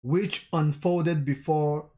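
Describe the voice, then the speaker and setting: A man vlogger recapping a manga chapter in a casual way, telling the scenes with pauses and correcting himself as he goes. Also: fairly high pitch, fairly even intonation, mellow. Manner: recounts scenes haltingly, with pauses and self-corrections.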